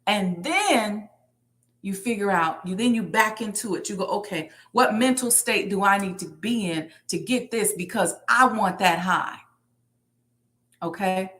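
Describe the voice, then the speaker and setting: A woman's voice: mid-range voice, a little slow, fairly bright tone. A woman speaking leads a live online lesson on manifestation. She talks in a preacherly way and repeats her main lines for emphasis. Her voice is heard close to the mic. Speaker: manifestation teacher. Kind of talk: lecture to an online live audience.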